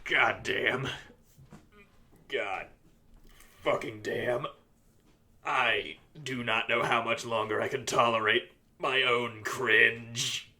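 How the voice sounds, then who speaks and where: A man's voice: medium pitch, fairly even intonation, takes it slowly, pauses often, sharp tone. Crude, self-mocking man reacting on camera. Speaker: YouTuber. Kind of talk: reaction commentary. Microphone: USB desk mic.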